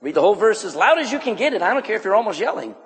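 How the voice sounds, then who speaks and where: High, lively preacher in an echoey hall. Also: male voice, rapid-fire. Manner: animated, teasing, calls on listeners. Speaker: pastor. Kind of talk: sermon to young men.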